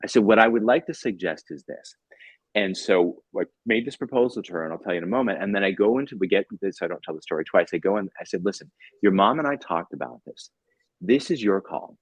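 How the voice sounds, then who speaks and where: A man in his fifties speaks as a podcast guest with a lowish, husky voice. His pitch swings widely as he tells stories and acts out bits of dialogue. The sound is dry and close, with no room around it. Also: quick pace, dry recording, poor audio. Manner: animated storyteller, acts out dialogue, repeats words. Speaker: guest, tutor and author. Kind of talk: casual podcast storytelling.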